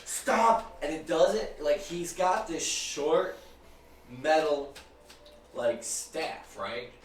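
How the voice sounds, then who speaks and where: A man running a tabletop game as game master, narrating with excitement, laughing often and swearing casually. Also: on the high side, drawn-out words. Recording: echoey room, distant mic, noisy.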